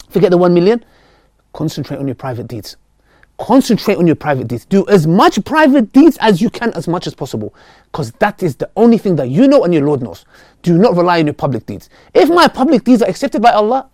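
A man, a Muslim preacher talking earnestly and passionately to his viewers, swinging between loud outbursts and quiet pleading. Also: high voice, dry recording, clean studio sound. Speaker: Muslim preacher and video creator. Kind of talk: heartfelt direct-to-camera talk.

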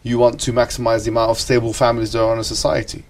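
A man's voice: mid-range voice, little pitch movement, racing, far from the mic. A man teaching an ethics class, asking the students questions and often checking with "right?".

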